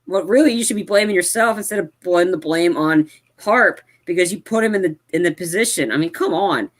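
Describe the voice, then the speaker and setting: A man's voice: sits high, a little fast. A man co-hosting a casual movie review, ranting with exasperation and many restarts and "like"s. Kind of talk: casual spoiler review chat.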